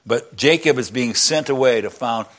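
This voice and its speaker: A man preaching a sermon in a church, retelling a story in an animated way and acting out its characters. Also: medium pitch, normal speed. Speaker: pastor.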